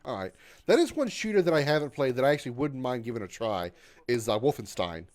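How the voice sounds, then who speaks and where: A man's voice: medium pitch, sing-song, quick pace. A man in his thirties casually chatting with viewers on his gaming livestream, sarcastic and swearing, reading chat aloud and yelping when his character is in danger. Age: 30s. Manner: yelps loudly when in danger in the game.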